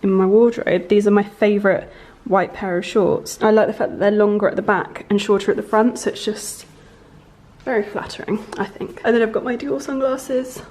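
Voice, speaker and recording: A young woman chatting casually in a home vlog, bubbly and often dropping into a soft half-whisper. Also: mid-range voice, steady tone, normal speed. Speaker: vlogger.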